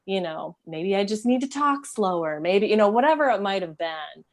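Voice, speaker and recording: A woman's voice: medium pitch, animated, moderate pace. A woman co-hosting a casual motivational chat, earnest and reassuring. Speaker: co-host.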